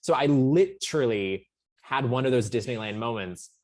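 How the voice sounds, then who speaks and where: A man's voice: medium pitch, lively intonation, normal speed, darkish tone. A young adult man, a podcast co-host, telling a story in a casual, emotional and rambling way. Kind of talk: casual chat.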